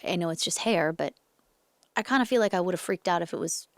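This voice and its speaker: A woman in her thirties, an actress being interviewed, chatting in an animated way with lots of filler words. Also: fairly low pitch, a little fast, no room sound. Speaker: actress guest. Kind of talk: casual interview chat.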